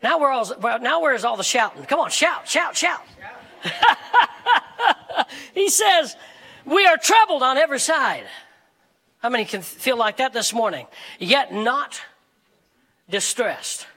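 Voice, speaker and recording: Man preaching, very high voice, bright sharp tone, animated with shouts. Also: moderate pace, gravelly, poor audio. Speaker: pastor. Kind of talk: sermon. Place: church sanctuary.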